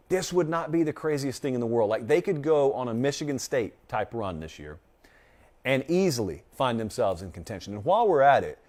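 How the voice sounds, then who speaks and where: A male host runs a sports talk show and reacts to viewers' bold takes. His voice sits at a middle pitch and swings widely as he gets into a point. He delivers firm opinions with dry, sarcastic asides. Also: darkish tone.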